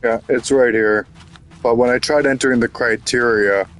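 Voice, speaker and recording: A man's voice: medium pitch, moderate pace, fairly bright tone. A man giving casual commentary while playing a video game, frustrated, rambling and swearing. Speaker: gaming YouTuber.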